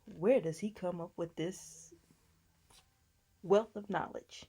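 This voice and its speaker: A woman's voice: lowish voice, takes it slowly, creaky, dark tone, husky. A woman casually recapping a TV episode in a chatty, sassy way, talking back to the people on the show. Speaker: TV recap vlogger.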